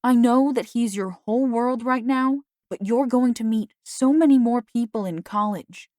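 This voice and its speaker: A calm, gentle mother talking sense into her daughter, as a woman narrating an audiobook puts her on. Her voice sits a little higher than the narration, recorded dry and close. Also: moderate pace, no room sound, natural voice. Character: gentle, reasonable mother of a teen girl. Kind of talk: audiobook character reading.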